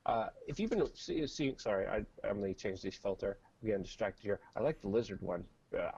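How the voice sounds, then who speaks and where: A man's voice: lowish voice, lively intonation, brisk, vocal fry, darkish tone, slightly rough, muffled recording. A man co-hosting casual political commentary, rambling with many fillers and jokes, on a webcam. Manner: rambling, filler-heavy, joking. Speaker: co-host.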